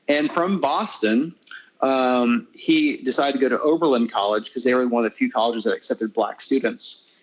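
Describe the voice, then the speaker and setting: Casting: middle-aged American man, musician guest, chatty and meandering, lots of false starts, mid pitch. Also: moderate pace, muffled recording, a little hiss or hum. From United States. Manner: rambling, many restarts and fillers, animated when retelling. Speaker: classical guitarist and interview guest. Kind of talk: casual conversational interview.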